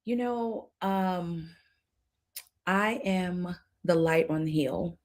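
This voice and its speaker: Lively woman guest on a podcast chat, laughs a lot, acts out what people said. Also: lowish voice, a little slow. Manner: animated, laughs often, acts out quotes. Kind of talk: casual podcast conversation.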